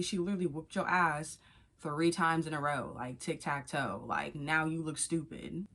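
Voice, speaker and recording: A woman's voice: sits low, fairly bright tone. Woman doing a gossipy show recap. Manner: blunt, profane, gossipy storytelling. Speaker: vlogger recapping a reality show. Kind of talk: casual recap commentary.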